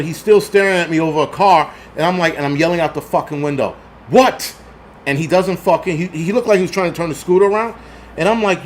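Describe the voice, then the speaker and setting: A middle-aged man hosting a live stream, ranting angrily with heavy swearing, reading chat, swinging between shouting and muttering. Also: on the high side, slight background noise. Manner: angry, swearing, reads chat. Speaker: livestream host. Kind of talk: profane live-stream rant.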